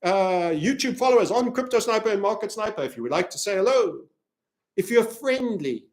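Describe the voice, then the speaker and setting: A man from Africa hosts a crypto chart analysis video in a fairly high voice. He rambles from point to point and cracks jokes. He also plugs his own community along the way. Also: lively intonation, fairly quick, darkish tone. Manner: rambling, jokey, self-promoting. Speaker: crypto trading analyst and channel host.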